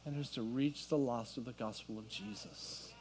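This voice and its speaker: This middle-aged pastor's mid-range voice has a darkish tone, fairly even intonation, and a moderate pace. Addressing the congregation in the sanctuary, he shifts from telling a story to preaching with fervor.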